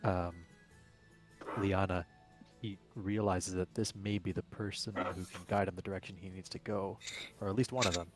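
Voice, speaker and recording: Low-ish voiced guy narrating his character in third person for a tabletop game, some ums. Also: fairly even intonation, normal speed, faint music behind. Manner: narrates at length, with filler sounds. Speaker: player.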